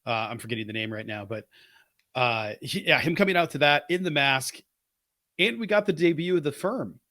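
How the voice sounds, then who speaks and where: A man's voice: fairly high pitch, animated, moderate pace, sharp tone, dry recording, studio quality. A man co-hosting a podcast, chatting casually and thinking aloud with enthusiastic, opinionated takes. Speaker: podcast co-host.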